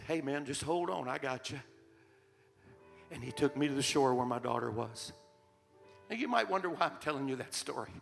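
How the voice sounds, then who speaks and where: A fairly high, gravelly voice belongs to an older male preacher telling a personal story from the pulpit. His sermon is heartfelt and earnest. His words ring with long hall reverb over faint instrumental music. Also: a bit bright. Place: church sanctuary.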